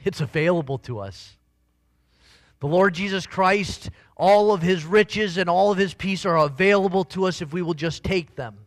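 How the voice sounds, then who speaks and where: A man's voice: sits high, normal speed, no echo, studio quality. A man preaching a sermon as a pastor, earnest and conversational, with emphatic swells.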